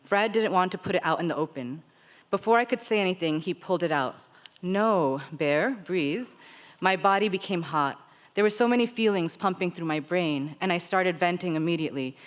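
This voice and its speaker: A woman author reading her own fiction aloud, in an expressive way with light laughter. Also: on the low side, a little fast. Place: literary seminar stage. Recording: long reverb of a large hall.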